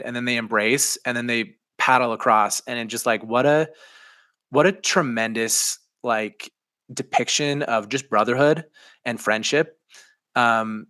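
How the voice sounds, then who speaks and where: A man in his thirties co-hosts a casual podcast. His voice is bright, and he talks with enthusiastic, animated energy. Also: medium pitch, a little slow, no room sound. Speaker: podcast co-host.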